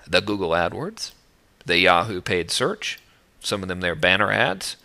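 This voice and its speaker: A man's voice: sits low, big pitch swings, a little slow, gravelly, pushed and bright. A middle-aged man teaching list building in a casual, jokey, self-mocking video talk.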